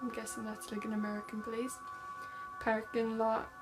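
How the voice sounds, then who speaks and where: A woman's voice: on the high side, completely flat delivery, normal speed, over music, poor audio. A young woman vlogger casually retelling a true-crime story, reading text messages aloud with lots of "like" fillers.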